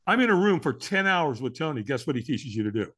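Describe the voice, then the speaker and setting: A man's voice: a little high, very animated, fast talker, fairly bright tone. A middle-aged man, a podcast guest, telling a story with energy and acting out the voices of the people in it. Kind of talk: animated storytelling.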